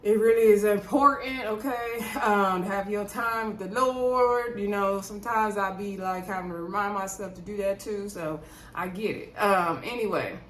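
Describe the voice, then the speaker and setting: A woman at a middle pitch chats through a reality show recap in a relaxed, rambling way. She piles on asides and fillers as if talking to friends. Her voice carries a noticeable room echo. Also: moderate pace, a little hiss or hum. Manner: rambling, chatty, digressive, with frequent asides and fillers. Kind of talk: casual chatty episode recap. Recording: roomy echo.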